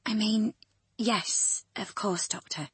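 A woman's voice: mid-range voice, slow, breathy edge, dry recording, voice pushed up. A woman voicing a timid young female student nurse who speaks hesitantly and apologetically.

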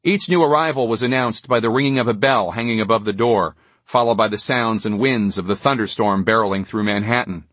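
A man narrating an audiobook in a measured, steady storytelling manner. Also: on the low side, no room sound. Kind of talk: scripted narration.

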